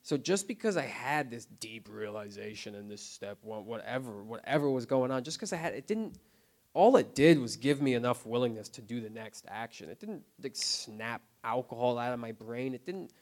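A man of middle pitch speaks openly about his recovery at a group meeting, in a plain, unpolished testimony. His delivery is halting and filled with "like" and "right?", restarting his sentences as he searches for words. He keeps a low, subdued volume that turns earnest. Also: expressive, darkish tone. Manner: halting, full of "like" and "you know what I mean", with restarts. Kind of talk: personal testimony, casual and unscripted.

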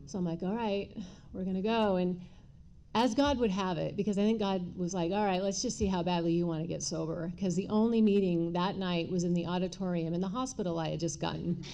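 A middle-aged woman candidly telling her own recovery story, with many pauses and fillers. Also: lowish voice, steady tone, dark tone. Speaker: speaker sharing recovery story. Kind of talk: personal testimony talk.

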